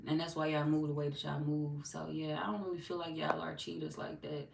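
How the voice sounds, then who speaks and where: A relaxed, chatty woman with a fairly low voice, talking loosely like she's hanging out with viewers. The sound is roomy and echoey, and she is set back from the mic with steady noise underneath. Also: fairly quick, creaky. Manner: laid-back, chatty, reads out viewer comments. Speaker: tarot reader. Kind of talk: casual live-stream chat. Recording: echoey room, mic far off, noisy.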